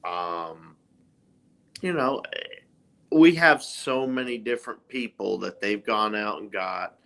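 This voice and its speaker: Male co-host, sports chat, slow emphatic delivery, bright tense tone. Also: on the low side, animated, vocal fry. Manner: slow, emphatic fan opinions. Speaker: podcast co-host. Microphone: live stream microphone.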